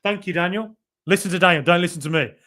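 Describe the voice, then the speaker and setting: A man hosting a football podcast live stream, reading out viewer comments and chatting back. His delivery is loose and rambling, full of fillers and false starts. His voice sits a little higher than most men's. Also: fast talker, pushed and bright.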